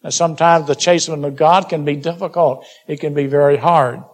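A man's voice: fairly high pitch, fairly even intonation, fairly quick. A man preaching a sermon, urging his listeners and calling them beloved, with scripture read aloud in King James wording. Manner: exhorting, addresses listeners as beloved.

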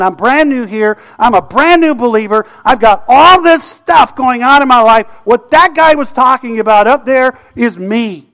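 A man's voice: extremely high pitch, a bit bright. A man preaching a sermon in a conversational way that builds to impassioned pleading. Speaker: pastor.

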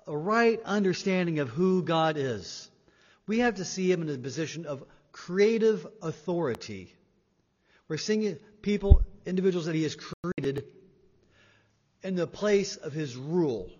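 A man preaching a sermon, emphatic, swinging between loud and quiet and repeating words for weight. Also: on the high side. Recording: dull sound in a reverberant hall.

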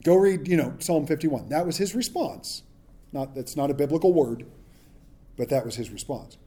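Pastor type, man, somewhat high voice, warm tone, reads the text then riffs on it with humor. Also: moderate pace, slightly rough. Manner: reads scripture then adds casual, joking asides. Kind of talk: conversational Bible teaching.

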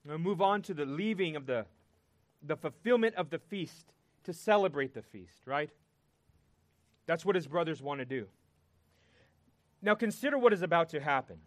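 A man preaching a sermon, earnest and emphatic, pausing and repeating words for weight. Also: a little high, expressive, no room sound.

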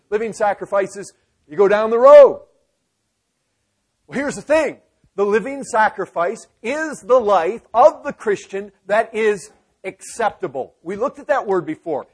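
A male preacher delivering a sermon in a fairly high, husky voice. He presses his points hard, repeating phrases and throwing questions at his congregation. His volume swings from near-quiet asides to forceful shouted emphasis. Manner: emphatic preaching with rhetorical questions and sudden loud bursts. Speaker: pastor.

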